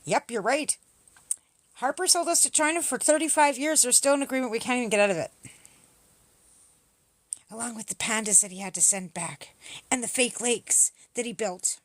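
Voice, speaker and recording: A woman's voice: on the high side, moderate pace, pauses often, no room sound. Combative profane woman on a livestream. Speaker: livestream host. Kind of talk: livestream chat replying to comments.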